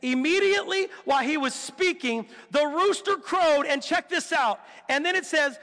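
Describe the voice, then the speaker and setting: High bright-voiced preacher in a reverberant hall. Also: male voice, moderate pace, few pauses. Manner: animated storytelling, acts out quotes, rhetorical questions. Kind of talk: sermon.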